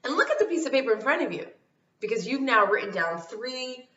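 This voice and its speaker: A woman's voice: on the high side, sing-song, fairly quick, bright, forceful tone. A woman vlogger talking casually to camera with motivational life advice, emphatic and repeating her key phrases. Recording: roomy, distant, dull sound.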